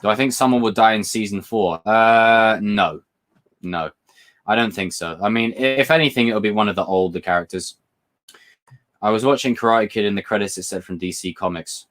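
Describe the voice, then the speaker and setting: This man's voice is fairly low yet fairly bright, and he speaks at a normal speed in a British accent. As a livestream host, he chats informally and rambles between subjects while reading viewer comments.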